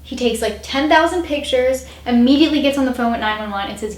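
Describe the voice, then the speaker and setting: A woman's voice: high voice, expressive, a little fast, hardly any pauses. A woman in her twenties vlogging in a chatty, self-mocking way and swearing freely. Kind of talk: casual chat to camera. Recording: roomy echo.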